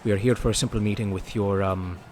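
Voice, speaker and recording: A man playing a polite businessman character in a tabletop game, measured and formal, laughing often. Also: fairly low pitch, fairly even intonation, darkish tone, a little hiss or hum. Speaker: player.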